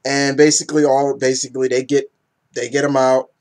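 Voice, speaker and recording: In a slightly fast, medium-pitched voice, a young man rambles through a casual comic book review, voicing characters' lines as his excitement builds.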